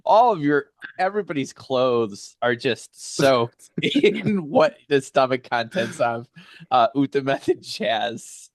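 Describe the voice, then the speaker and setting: Brief: male game master, unhurried halting narration, medium pitch, dry close mic. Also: big pitch swings, creaky, no room sound. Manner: halting, many fillers, laughs often.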